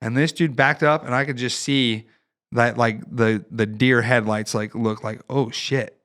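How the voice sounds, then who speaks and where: Man from Ohio, podcast guest, swearing storyteller, mid-pitched voice, laughs between lines. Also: unhurried. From northern Ohio, United States. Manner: animated, profane anecdote-telling with laughs. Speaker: podcast guest, Marine veteran and fighter. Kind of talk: casual storytelling in conversation.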